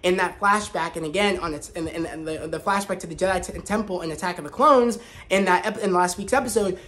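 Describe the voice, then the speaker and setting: A man hosting a casual spoken review vlog, talking in an excited, rambling way with frequent restarts. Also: high-pitched, brisk. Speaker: host.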